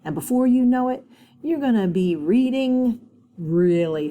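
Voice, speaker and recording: A woman teacher leads a phonics lesson for young children, slowly sounding out words and encouraging them. Her voice is a little high and dark in tone, with lively intonation.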